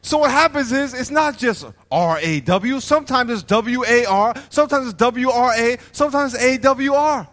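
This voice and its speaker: High-voiced preacher in an echoing hall. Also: male voice, moderate pace, few pauses. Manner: animated preaching, plays out little scenes and asks the crowd to respond. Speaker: pastor. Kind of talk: sermon. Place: church hall. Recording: long hall reverb.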